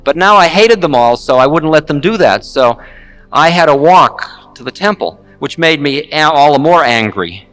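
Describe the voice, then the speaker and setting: A man, a spiritual teacher, telling a story in a candid, wry, animated way. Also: fairly high pitch, normal speed, soft background music. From United States. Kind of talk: storytelling talk.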